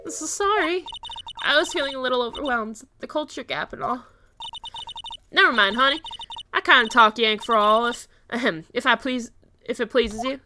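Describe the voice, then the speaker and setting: Woman putting on a loud, scolding country woman with a thick drawl, fairly high, music behind. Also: moderate pace, natural voice. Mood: brash. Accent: put-on American Southern drawl. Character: brash loud southern woman photographer.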